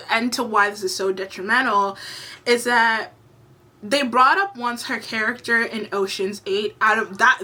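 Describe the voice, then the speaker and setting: A woman's voice: on the high side, sharp tone. A young woman giving a heated, exasperated commentary vlog rant, swearing freely. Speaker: YouTube commentator.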